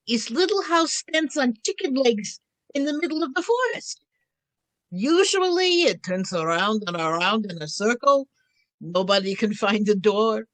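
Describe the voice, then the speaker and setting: A woman's voice: a little high, no echo, low-quality recording. A woman storyteller playing an ancient, wry witch in a drawling, teasing first-person telling. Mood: sly. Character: ancient wry female witch Baba Yaga.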